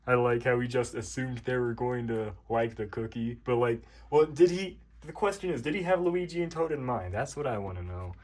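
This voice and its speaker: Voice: medium pitch, fairly quick, few pauses, darkish tone. A young adult around twenty, casually rambling and poking fun at their own childhood books. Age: about 20. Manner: rambling, self-mocking. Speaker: YouTuber. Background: faint background music.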